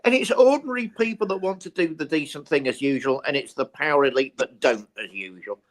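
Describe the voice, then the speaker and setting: A man's voice: medium pitch, animated, fairly quick, a bit bright. A British man co-hosting a talk show, ranting passionately about politics. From Britain. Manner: impassioned, ranting. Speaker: co-host. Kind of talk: opinionated talk-show chat.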